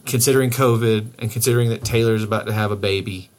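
A man's voice: on the low side, steady tone, quick pace. A man co-hosting a podcast in casual banter, rambling and joking, swearing freely. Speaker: podcast co-host.

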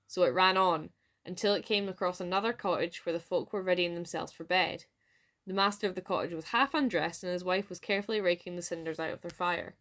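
A woman with a Scottish accent narrating a folk tale aloud in a lively storytelling manner. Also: on the low side, brisk. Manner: lively read-aloud with voiced dialogue.

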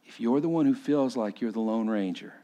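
A male pastor preaching a sermon in an impassioned storytelling style that swells loud and drops to quiet. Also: mid-range voice, brisk, lo-fi sound.

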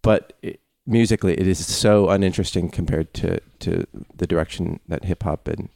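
A man in his thirties hosts a casual podcast and reads out listener mail at an easygoing pace. His voice sits low and sounds mellow. The recording is dry with no room sound. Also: normal speed, gravelly, dry recording. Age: 30s. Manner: relaxed, reading listener mail. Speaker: podcast host.

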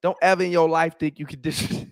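A man's voice: fairly high pitch, fairly quick, no room sound, clean studio sound. A man hosting a casual, comedic sports commentary, full of profanity and laughing asides. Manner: profane, animated, laughing riffs. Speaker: host.

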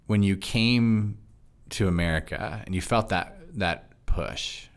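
Fast-talking man with a very deep voice. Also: clean tone. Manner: fast-talking, chatty and laughing. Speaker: pastor and podcast host. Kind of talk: casual interview conversation.

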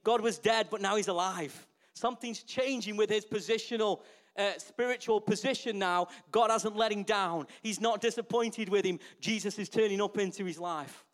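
A man preaching a sermon to his church in a lively way, often asking the congregation rhetorical questions. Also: high voice, normal speed. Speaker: pastor.

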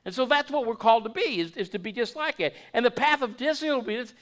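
Folksy high-voiced pastor preaching. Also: male voice, fast talker, a bit bright. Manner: folksy, repeats and restarts words, asks the congregation questions. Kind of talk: sermon.

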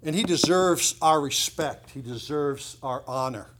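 A middle-aged man preaching to his congregation in a church. He talks in a loose, conversational way, leaning into points with sudden emphasis and casual asides. His voice sits a little high for a man. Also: a little slow, a bit bright. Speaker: pastor. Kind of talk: sermon.

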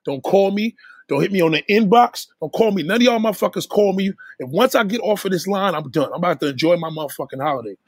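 A man hosting a livestream, ranting in a profane, blunt, lecturing way that swings between loud outbursts and low mutters. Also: lively intonation, fast talker, no echo, clean studio sound. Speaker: livestream host. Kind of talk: profane casual rant.

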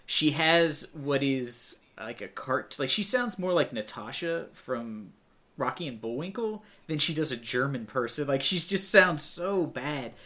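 A man's voice: medium pitch, lively intonation, measured pace, sharp tone. A young man co-hosting a podcast, sarcastically mocking a movie in casual chat. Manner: sarcastic, mocking, acts out quotes. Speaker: podcast co-host. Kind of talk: casual movie-review banter.

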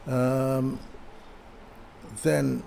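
A medium-pitched male voice with vocal fry, a dark tone and a level delivery, heard over slight background noise. It's an older furniture designer telling a casual story as an interview guest, frequently stopping and restarting sentences and repeating words.

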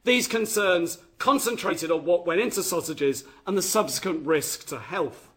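A man with a high-sitting, slightly bright voice talks at normal speed. He is giving an academic history lecture, reading from his notes and often restarting his phrases.

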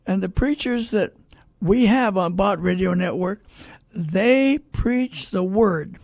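An older man hosting a Christian radio program, reading listener calls with slow, preacherly asides. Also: high-pitched, darkish tone, no room sound. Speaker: radio host and network founder. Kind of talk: folksy radio commentary.

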